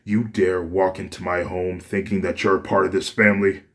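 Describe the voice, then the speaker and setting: A harsh middle-aged father, cold and threatening, voice deep and unhurried, read by a man in a voice near his own. Anger simmers under every word. Fan storytelling read aloud. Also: darkish tone. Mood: hostile.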